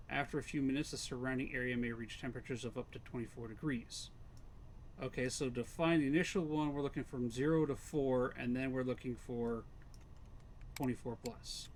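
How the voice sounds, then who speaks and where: A man's voice: mid-range voice, a little hiss or hum. A Canadian man casually commenting on a game he is playing live, reading its text aloud and chatting with viewers. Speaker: streamer.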